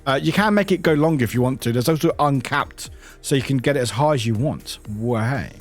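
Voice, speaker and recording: A man's voice: medium pitch, brisk, soft background music. A man streaming a game and chatting casually with viewers, rambling, laughing often and swearing casually.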